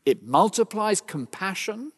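A man preaching a sermon, emphatic and rhetorical, with dramatic pauses. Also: high voice, sing-song, fairly bright tone, breathy edge. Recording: long hall reverb.

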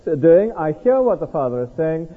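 A man preaching an expository sermon to a congregation, animated and full of rhetorical questions to the listeners. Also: fairly high pitch, fairly quick, husky. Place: large hall before a congregation. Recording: echoey hall on a tinny lo-fi line.

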